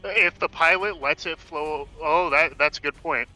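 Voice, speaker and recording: A man's voice: on the high side, measured pace, over loud music, rough recording. A man playing a tabletop role-playing game, describing what his character does. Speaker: player.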